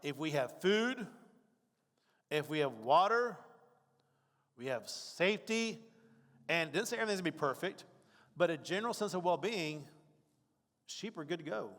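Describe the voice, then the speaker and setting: High-voiced preacher in a reverberant hall. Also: male voice, expressive, moderate pace, long pauses, fairly bright tone. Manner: conversational preaching, acts out worried voices. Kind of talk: sermon.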